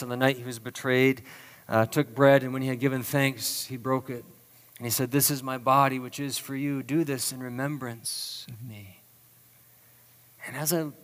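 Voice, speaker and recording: A man's voice: mid-range voice, clean tone. Earnest male preacher in reverberant hall. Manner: slow, earnest storytelling with hushed endings. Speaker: pastor. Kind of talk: sermon.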